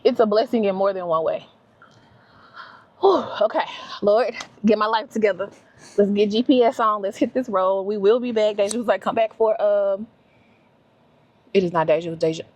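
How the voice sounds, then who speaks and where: A woman from Louisiana in the US films a casual, emotional solo travel vlog, talking to herself in her car and in a restaurant. Her voice sits mid-range and moves at a moderate pace, with frequent pauses, and her manner is chatty and emotional.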